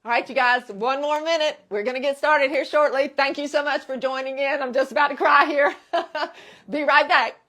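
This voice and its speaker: Lady in her sixties running a workout class live, peppy, cheers people along, voice on the higher side. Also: moderate pace, fairly bright tone. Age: 60s. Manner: upbeat and encouraging, with cheering whoops. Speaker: fitness instructor.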